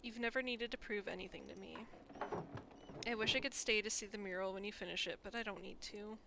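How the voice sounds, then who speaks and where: A woman's voice: mid-range voice, a little fast, gravelly, noisy background, natural voice. A woman reading a dying old father, tender.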